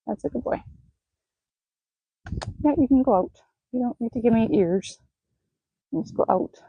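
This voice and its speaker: A woman horse trainer in an outdoor arena, gently praising and coaxing a horse while explaining her training to viewers. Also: a little high, lively intonation, measured pace, vocal fry, slightly rough, no echo, narrow, tinny audio.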